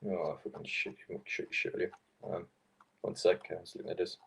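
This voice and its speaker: A man's voice: sits low, completely flat delivery, normal speed, gravelly, husky. A young man hosting a live football stream, rambling and swearing in frustration between fillers. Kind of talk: casual football watchalong chat.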